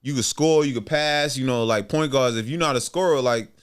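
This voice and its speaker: A man telling his basketball career story in a relaxed, slangy way, acting out what others said. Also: medium pitch, fairly quick, smooth. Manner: laid-back, slangy, acts out quoted dialogue. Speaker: podcast guest, former basketball player. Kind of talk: casual storytelling interview.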